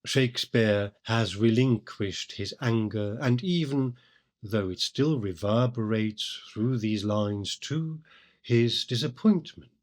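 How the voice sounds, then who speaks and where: A man hosting a poetry podcast, giving scripted literary commentary in a measured, deliberate way. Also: on the low side, darkish tone. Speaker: podcast host.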